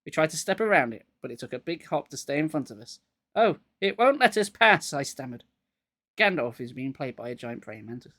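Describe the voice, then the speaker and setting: A man's voice: medium pitch, fairly quick, a bit bright, no room sound. A man getting over a cold, reading a children's horror book aloud live and dropping wry jokes between passages.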